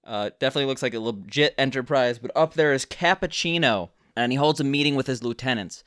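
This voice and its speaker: A man's voice: mid-range voice, quick pace, a bit bright, clear, resonant tone, no room sound, studio quality. Chatty young man recapping a movie. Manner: chatty, repeats words when starting sentences. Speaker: podcast co-host. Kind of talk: casual podcast chat recapping a movie.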